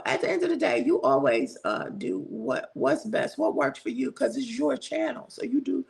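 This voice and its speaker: A woman's voice: high-pitched, gravelly. A woman hosts a casual livestream, chatting with viewers, laughing often and drawing out her thank-yous. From southern United States. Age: 60s. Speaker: livestream host. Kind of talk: casual live chat greeting viewers.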